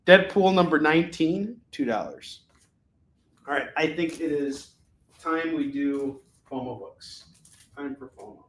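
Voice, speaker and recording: A man hosting a live comic sales show, calling prices and boasting jokingly about his pitches. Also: roomy sound, slight background noise. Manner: boastful, joking, rapid item calls.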